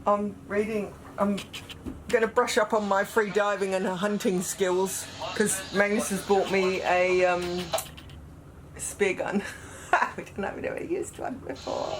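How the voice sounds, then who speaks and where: A woman's voice: mid-range voice, flat delivery, measured pace. Easygoing woman chatting on a boat, noisy. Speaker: vlog co-host. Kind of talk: casual vlog chat. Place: on a sailboat.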